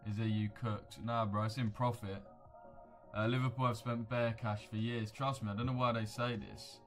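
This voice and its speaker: A young livestream host reacts to viewer comments in a casual, blunt, slangy manner. His mid-range voice is flat in delivery and moderate in pace, with faint music behind it.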